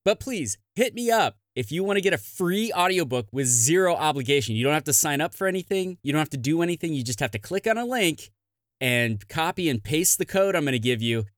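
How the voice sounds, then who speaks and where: A man's voice: fairly high pitch, big pitch swings, brisk, no echo, clean studio sound. A man hosting a comedy podcast, chatting casually and plugging things in an upbeat, self-deprecating way. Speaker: podcast host. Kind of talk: casual podcast chat and promo.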